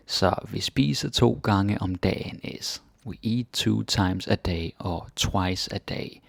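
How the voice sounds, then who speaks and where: A man teaching grammar in a relaxed, chatty way, thinking aloud with fillers. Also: on the low side, slow pace, gravelly, dry recording. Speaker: Danish language teacher. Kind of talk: casual grammar lesson.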